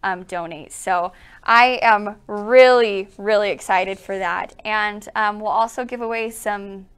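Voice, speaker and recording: A woman's voice: mid-range voice, steady tone, slow, a bit bright, clean tone. A young woman co-hosting a quilt shop livestream, bubbly and gushing, laughing often as she chats. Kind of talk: casual livestream chat.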